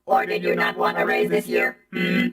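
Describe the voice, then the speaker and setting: A text-to-speech voice playing a stern woman chief prosecutor in a game, flat, clipped and dismissive, with a robotic sound. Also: on the low side, normal speed, vocal fry, roomy sound, recorded from a distance, over loud music. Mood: cold.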